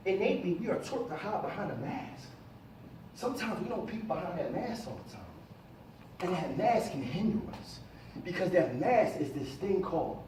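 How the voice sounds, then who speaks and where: A middle-aged man giving an animated motivational talk to a live audience and calling on them to answer. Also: high-pitched, brisk, background noise. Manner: animated, calls on the audience for responses. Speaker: motivational speaker. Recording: echoey room, voice from a distance.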